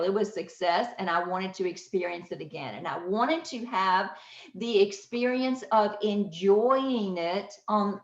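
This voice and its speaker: A middle-aged woman hosting a podcast, telling a personal story in an emotional, breathless way and often restarting her sentences. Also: medium pitch. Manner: emotional, breathless and self-interrupting. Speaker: podcast host. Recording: echoey, slightly dull recording.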